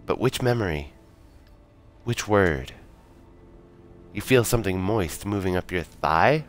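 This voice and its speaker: A man's voice: low voice, measured pace, soft background music. A man streaming himself reading a narrative game aloud, with casual comments in between. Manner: animated, reads narration in second person.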